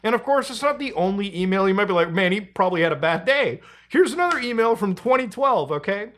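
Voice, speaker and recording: A man hosting a casual commentary video, excitable, often laughing and swearing freely. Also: sits high, fast. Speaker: commentary channel host.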